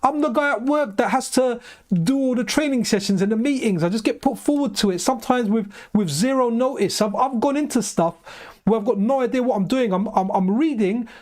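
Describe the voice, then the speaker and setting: A man with a light, high voice he calls feminine, rambling casually on a live stream while he plays, often asking "right?". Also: fairly quick, darkish tone. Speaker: game streamer. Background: faint game music.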